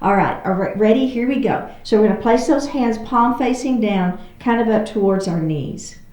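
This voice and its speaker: A woman with a Texan accent teaching a chair yoga class, giving calm step-by-step cues and often checking in with her students. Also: a little high, normal speed, roomy sound. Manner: calm, soothing cues with frequent check-ins. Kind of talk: guided yoga class instruction.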